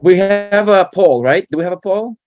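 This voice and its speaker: Relaxed man co-hosting on a video call. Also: sits high, normal speed, no room sound, soft background music. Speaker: co-host and learner. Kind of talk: live online lesson chat.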